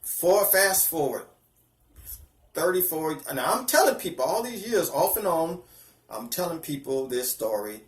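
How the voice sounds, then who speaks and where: Earnest, halting man in his fifties. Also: fairly high pitch, very animated, reverberant. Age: 50s. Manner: earnest, halting, with repeated false starts; emotional, close to tears. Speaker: video host sharing a personal testimony. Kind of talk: personal spiritual testimony.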